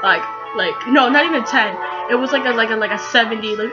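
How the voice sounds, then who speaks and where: A teenage girl telling a story in a casual vlog, rambling and excitable with lots of fillers. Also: fairly high pitch, quick pace, highs cut off, over loud music. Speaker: vlogger.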